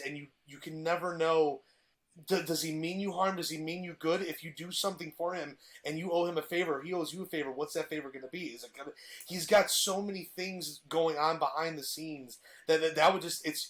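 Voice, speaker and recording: A man's voice: a little high, a bit bright. A man in casual podcast chat, eagerly retelling a TV plot with frequent restarts. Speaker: podcast guest presenting a TV villain.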